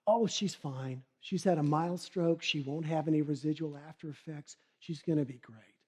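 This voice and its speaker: A patient, soothing doctor speaking gently to an elderly patient, as a male speaker quotes her. The voice stays calm and steady, close to his own natural voice. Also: on the high side, normal speed, natural voice. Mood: reassuring. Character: calm, reassuring female doctor.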